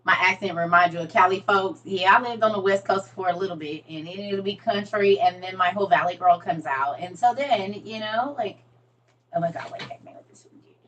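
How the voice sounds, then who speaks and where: A chatty, playful woman talks straight to her viewers, laughing easily and letting some lines fade to a murmur. Her pitch sits in an ordinary middle range. She is picked up from a little way off the microphone. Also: a little fast, hardly any pauses, far from the mic, lo-fi sound. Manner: chatty, playful, laughs often, trails off quietly. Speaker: vlogger. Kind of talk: casual chat to viewers.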